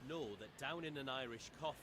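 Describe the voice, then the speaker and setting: A man voicing a solemn male storyteller, reading the game's narration in a low, hushed voice from a little way off the microphone. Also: fairly quick, background noise, natural voice. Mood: dry warning. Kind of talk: reading game narration aloud.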